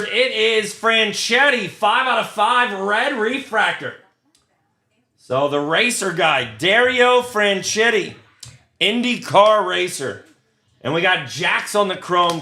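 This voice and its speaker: A man's voice: a little high, bright, forceful tone. A man hosting a live card break, reading out pulls with crude, joking banter. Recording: roomy with faint noise.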